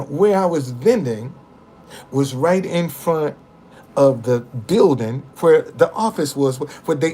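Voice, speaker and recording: An older man with a somewhat high voice tells a story from his past in a loose, casual way. He swears freely and gets animated. He stumbles into restarts and repeats words as he goes.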